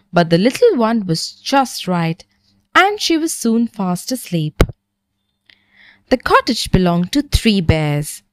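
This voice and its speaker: A woman narrating a bedtime story for children in a gentle, expressive manner. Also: medium pitch, dry recording.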